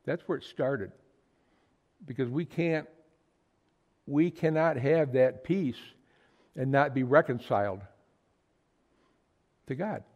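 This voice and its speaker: A man's voice: medium pitch, takes it slowly, long pauses, a little mellow, highs cut off. A man preaching a sermon to a small fellowship, earnest and emphatic, often repeating words for stress. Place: small fellowship meeting room.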